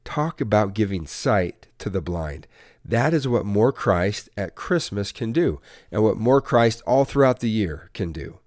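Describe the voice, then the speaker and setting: Male devotional podcast host, lowish voice, earnest scripted storytelling, dry close mic. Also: expressive, darkish tone, no room sound. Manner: earnest, measured storytelling with preacher-like emphasis.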